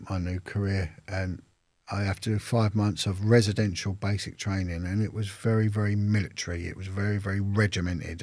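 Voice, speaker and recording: Gravelly London man telling a story. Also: deep voice, darkish tone, no echo. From London, England. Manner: rambling, with restarts and acted-out quotes. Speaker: interview guest. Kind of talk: casual storytelling.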